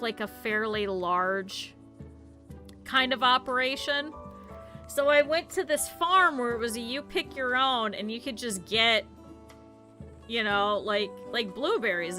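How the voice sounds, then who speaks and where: A woman's voice: fairly high pitch, expressive, unhurried, pushed and bright, soft background music. A woman streamer chatting casually to her viewers while playing, rambling into stories. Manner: chatty rambling storyteller, talks to chat. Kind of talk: casual game stream chat.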